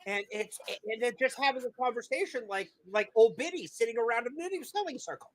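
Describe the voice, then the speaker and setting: A man hosting a casual livestream movie review, rambling, excitable and quick to swear. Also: extremely high pitch. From Massachusetts. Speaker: movie review show host.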